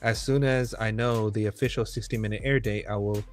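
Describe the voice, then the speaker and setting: A man chatting casually on a live stream, reading out posts in a relaxed way. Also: on the low side, a little fast, faint music behind. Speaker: co-host.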